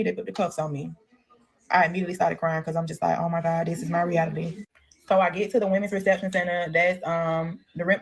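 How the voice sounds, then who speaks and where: A woman telling a casual story in a candid, profane way, acting out the voices she quotes. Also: lowish voice.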